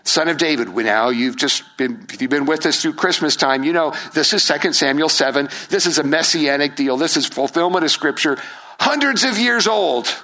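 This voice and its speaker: Animated, bright-voiced male pastor preaching. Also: on the high side, normal speed. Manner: animated, acts out crowd voices; rhetorical questions to the congregation. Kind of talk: sermon.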